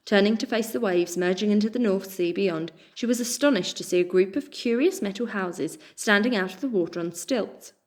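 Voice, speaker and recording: A woman, reading a children's book aloud in a measured, expressive way. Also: medium pitch. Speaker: storyteller.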